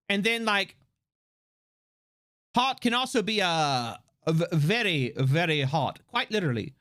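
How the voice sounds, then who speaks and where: Lively, rambling livestream chatter. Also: medium pitch, normal speed. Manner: rambling, full of fillers and restarts; excitable, laughs often. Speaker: streamer. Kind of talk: casual livestream chat.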